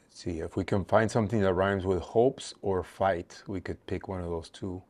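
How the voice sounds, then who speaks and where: A man's voice: deep voice, fairly even intonation, normal speed, darkish tone. A man teaching a songwriting workshop, thinking aloud with frequent "uh" fillers and patiently counting syllables.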